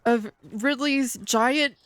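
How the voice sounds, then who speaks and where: A woman streaming a video game, talking to her chat, excitable and swearing often. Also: sits high, takes it slowly, smooth, no room sound. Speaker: VTuber streamer. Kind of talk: gaming livestream chat.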